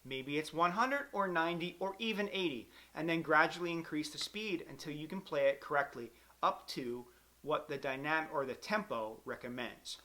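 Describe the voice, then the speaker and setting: A man's voice: fairly high pitch, moderate pace, bright, forceful tone. A man teaching a clarinet lesson, counting beats aloud in a patient, encouraging way. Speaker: music teacher.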